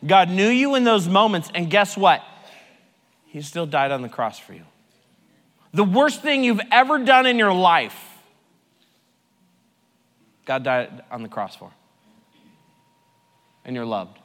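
A man in a recovery ministry preaches with a bright, slightly high voice, mixing his own story with scripture. His delivery is lively, loud and jokey one moment and hushed and earnest the next. Long reverb from a large hall trails each phrase. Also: slow, long pauses. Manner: animated, swings from loud joking to hushed earnest. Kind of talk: sermon with personal testimony.

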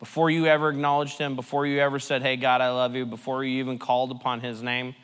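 A man preaching a sermon with personal testimony at a recovery ministry, swinging between loud joking and hushed, earnest delivery. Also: mid-range voice, level tone, fast, clean tone, long reverb tail.

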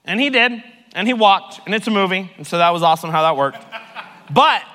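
A man preaching a sermon with personal testimony at a recovery ministry, swinging between loud joking and hushed, earnest delivery. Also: sits high, lively intonation, a little fast, in a large hall.

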